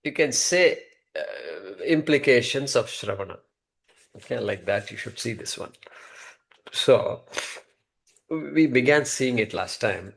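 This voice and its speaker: A man's voice: mid-range voice, animated, slow, creaky, pauses often, fairly bright tone. A man teaching a scripture class, conversational and repeating key terms as he explains. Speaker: Vedanta teacher.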